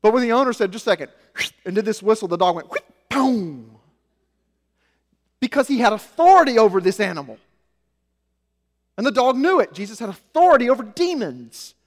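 A man preaching a sermon, with animated delivery that swings between loud emphasis and soft, low asides. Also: fast talker. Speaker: pastor. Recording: long hall reverb.

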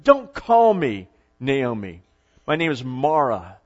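A man voicing a grieving old widow who pleads loudly, then turns bitter. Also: mid-range voice, huge pitch swings, slow pace. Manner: pleading, raised voice. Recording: dull lo-fi recording.

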